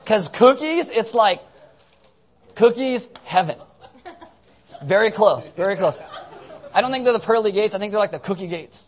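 A man's voice: sits high, lively intonation, normal speed, long pauses. A man leading a church service as pastor, rambling and joking through announcements while drowsy on cold medicine. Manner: rambling, joking, self-mocking. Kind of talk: casual sermon with announcements.

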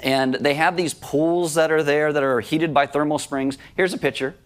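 A man's voice: fairly high pitch, steady tone, moderate pace. A man preaching a sermon in a conversational way, with self-deprecating humor. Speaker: pastor.

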